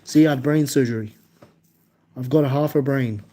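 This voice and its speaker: With an Australian accent, a young man from Australia chats casually on a live stream, responding to comments haltingly and repeating himself. His voice is medium-pitched and warm.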